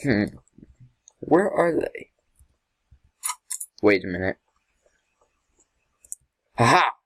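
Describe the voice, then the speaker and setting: A man's voice: medium pitch, sing-song, very slow, a bit bright, slightly rough, no echo. A man casually commenting on his own gameplay, talking to himself, easily startled and often laughing. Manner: jumpy, talks to himself, yelps and laughs. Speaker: gamer.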